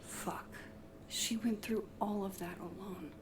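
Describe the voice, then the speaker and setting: A woman's voice: mid-range voice, fairly even intonation, takes it slowly, lightly acted. A woman voicing a wry, wistful young woman in whispered role-play, with dry, self-mocking asides. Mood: somber. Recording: distant game audio with clear background noise.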